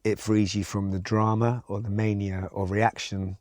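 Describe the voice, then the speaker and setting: A man, a songwriter guest on a podcast, telling a long story in a calm, reflective, conversational way. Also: lowish voice, moderate pace, no room sound, studio quality.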